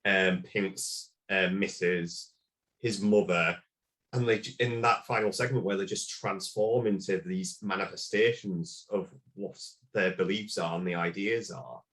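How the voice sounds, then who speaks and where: A man's voice: low-pitched, steady tone, measured pace, fairly bright tone. A man as a podcast guest, talking about a film and album in a casual, rambling way with lots of fillers.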